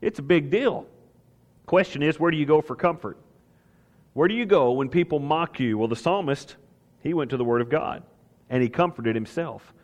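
A man's voice: fairly high pitch, animated, moderate pace, long reverb tail, lo-fi sound. A man preaching a sermon as pastor, talking with emphasis and asking his listeners rhetorical questions.

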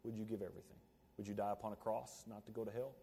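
Preacher in a reverberant hall. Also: male voice, lowish voice, flat delivery, rapid-fire, breathy edge. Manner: rising to emphatic peaks, then dropping to quiet asides. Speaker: pastor. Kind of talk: sermon.

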